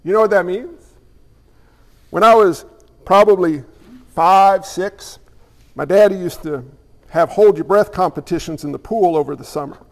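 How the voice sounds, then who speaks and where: An emphatic male preacher with a fairly high voice keeps asking the room questions and telling stories. His words carry a long reverb, as if from a church hall. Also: normal speed, pauses often. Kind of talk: sermon.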